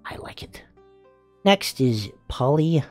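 A foul-mouthed, flamboyant male spider demon swears, giggles and coos, as a performer voices him. His pitch swings widely from line to line. The sound is dry and close, with faint music underneath. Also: animated, measured pace, darkish tone, no room sound, natural voice. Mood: amused. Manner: crude, swearing, giggly, doting. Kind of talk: comedic fan character voice reaction.

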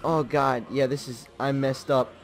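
A young man playing a video game and commenting as he plays, muttering pep talks to himself and repeating words in quick bursts. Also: medium pitch, fairly even intonation, faint music behind. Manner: swings from muttered self-coaching to yelling in frustration. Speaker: gaming channel host. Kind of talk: live gameplay commentary.

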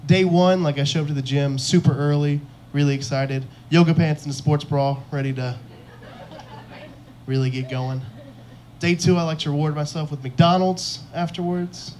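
A man's voice: fairly high pitch, steady tone, moderate pace, darkish tone, slight background noise. A young man doing a stand-up comedy set on a club stage, telling self-mocking stories and acting out the lines of the people in them. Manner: self-deprecating storytelling, acts out quotes.

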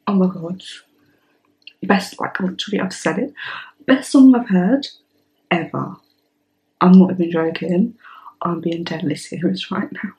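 Young woman host for a song reaction vlog: gushing, excitable, unhurried delivery, slips into whispers. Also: lowish voice, low-quality recording. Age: 20s.

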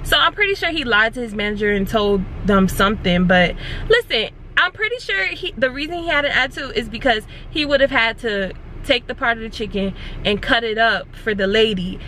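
A young woman vlogger telling a story in a casual, animated way to her viewers while loading her car outdoors, with faint traffic behind her. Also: fairly high pitch, a little fast, rough recording.

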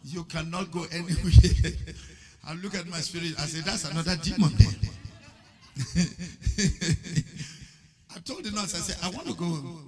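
A man preaching a testimony sermon, telling his story and breaking into loud shouts. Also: on the high side, vocal fry.

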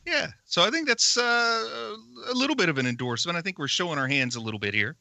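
A man's voice: high voice, expressive, quick pace, creaky, bright, forceful tone, no echo. A man co-hosting a movie podcast, sharing background facts in casual chat. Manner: informative, trivia-minded, hedging. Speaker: podcast co-host.

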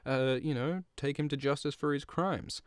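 A flustered middle-aged lord stumbles and restarts as he explains himself, as a man puts on the voice. The voice is pitched a little above the speaker's own and stays smooth. It sounds close and dry. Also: fairly even intonation, normal speed, dry recording, lightly acted. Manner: hesitant, stumbling.

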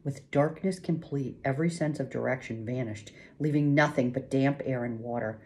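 A woman reading a novel aloud in first person, with measured, hushed suspense. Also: extremely low pitch, slight background noise. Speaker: audiobook narrator. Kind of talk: scripted first-person narration.

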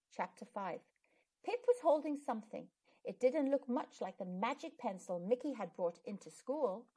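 A woman reads a children's picture book aloud for a storytime channel. Her fairly high voice moves expressively up and down. She narrates in a clear, storytelling way. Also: expressive, normal speed, darkish tone.

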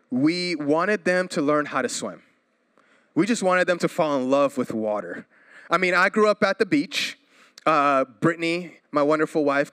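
A pastor in his thirties from Florida, preaching a sermon with energetic swings in pitch and volume and playful asides. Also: smooth, dry recording.

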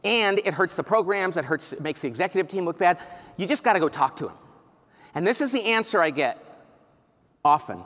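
A man's voice: sits high, fairly quick, pauses often. A middle-aged man from California, giving a live conference keynote, telling stories and acting out the voices of people he quotes. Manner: animated storytelling, acts out quoted voices. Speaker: keynote speaker. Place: large conference hall with live audience. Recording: long hall reverb.

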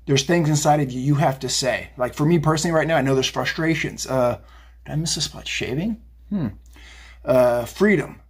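Husky man ranting with profanity. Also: fairly high pitch, normal speed. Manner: blunt, swearing, fired up, rambling. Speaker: tarot reader. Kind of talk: casual profane psychic rant. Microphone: phone video.

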